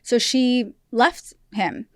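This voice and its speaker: A woman's voice: a little high, steady tone, drawn-out words, dry recording, clean studio sound. A woman in her thirties from Russia, a podcast guest telling candid personal stories in casual chat and laughing often. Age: 30s.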